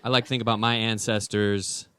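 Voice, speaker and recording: A man's voice: lowish voice, little pitch movement, a little fast, a bit bright. A man doing a rambling, self-deprecating stand-up comedy set. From United States.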